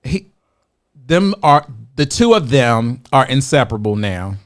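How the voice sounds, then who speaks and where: A man's voice: mid-range voice, sing-song, a little slow. A man co-hosting a podcast, telling a long story in casual chat, acting out the voices he quotes and laughing often. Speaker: podcast co-host.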